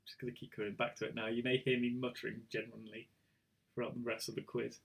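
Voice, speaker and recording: The host of this online quiz night has a medium-pitched, gravelly voice and a fast, flat delivery. Casually reading out questions and answers, he chats, trips over his words, and mocks himself for doing so.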